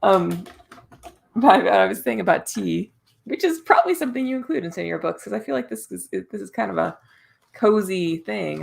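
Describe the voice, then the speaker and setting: Tired, gravelly-voiced woman chatting on a livestream. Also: mid-range voice, lively intonation, moderate pace. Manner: chatty, rambling, with frequent restarts and soft laughs. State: tired and yawning. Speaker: livestream host running writing sprints. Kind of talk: casual live stream chat.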